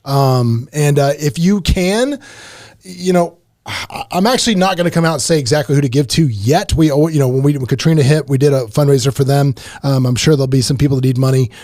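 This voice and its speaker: Middle-aged guy hosting a podcast, kinda high voice, dry close sound, talks emphatic and repeats stuff. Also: a little fast, no echo. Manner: animated, emphatic, repeats himself. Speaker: podcast host. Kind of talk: casual podcast banter. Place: podcast studio.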